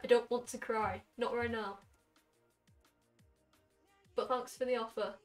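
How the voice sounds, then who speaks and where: A late-teen woman with a Welsh accent, chatting casually with her stream chat. Her voice sits a bit high, and she fires off quick asides. She sounds a little far from the mic, with faint music underneath. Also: steady tone. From Wales. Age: late teens. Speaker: game streamer. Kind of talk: casual live-stream chat while gaming.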